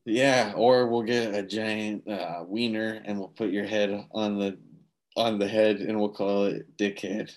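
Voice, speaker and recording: Man, low voice, crude jokes, lots of swearing, casual podcast chat. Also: little pitch movement, measured pace. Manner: crude, joking, swears a lot. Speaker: podcast co-host.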